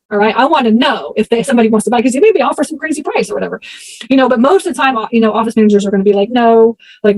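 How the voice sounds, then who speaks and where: Fast-talking, chatty woman investor. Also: a little high, no room sound, low-quality recording. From Texas, US. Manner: chatty, animated, acts out voices in anecdotes. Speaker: interview guest, storage investor. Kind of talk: casual interview storytelling.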